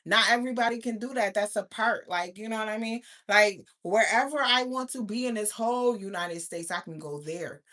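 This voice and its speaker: A woman in her thirties hosting a casual livestream, talking loudly and profanely straight to her viewers, often breaking into laughter. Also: medium pitch, moderate pace, few pauses. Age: 30s. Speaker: livestream host. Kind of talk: casual live chat with viewers.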